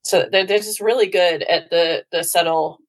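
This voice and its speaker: Woman co-host, lowish voice, hesitant and reflective. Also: normal speed. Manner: hesitant, thinks aloud with many restarts. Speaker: podcast co-host. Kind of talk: casual chat.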